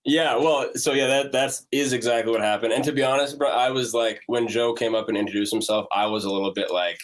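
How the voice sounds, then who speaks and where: A man from North Dakota, a band member telling his story in a relaxed way with many fillers. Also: mid-range voice, fairly quick. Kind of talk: casual chat.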